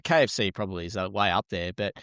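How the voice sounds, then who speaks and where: A man's voice: low-pitched, quick pace, fairly bright tone, clear, resonant tone, no echo, studio quality. A man hosting a podcast, blunt and jokey, swearing freely. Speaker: podcast host. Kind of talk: casual podcast chat.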